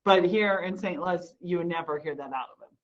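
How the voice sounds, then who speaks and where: A woman telling an amused, animated personal story during an online panel discussion. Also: on the low side, fairly quick, highs cut off, slight background noise. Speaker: panel participant. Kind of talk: casual anecdote on video call.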